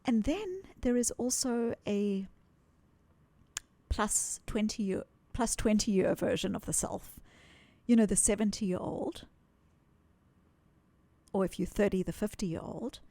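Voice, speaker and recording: A woman talks earnestly through a psychological idea, animated and often doubling back on words for emphasis. Her pitch sits in a middle range. The sound is dry and close, with no room around it. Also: takes it slowly, long pauses, no room sound. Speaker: psychologist guest. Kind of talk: interview, explaining ideas.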